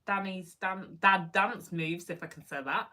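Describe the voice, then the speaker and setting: A woman co-hosting a local radio show with a bright, sharp voice. She is playful and giggly, keeping the banter going. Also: fairly low pitch, a little slow, far from the mic. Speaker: radio co-host. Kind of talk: casual radio chat.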